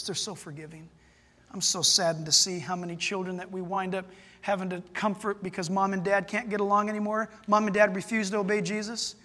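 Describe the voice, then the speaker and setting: A man preaching a sermon as pastor, telling stories in an animated way with loud excited bursts. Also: high voice, big-room sound.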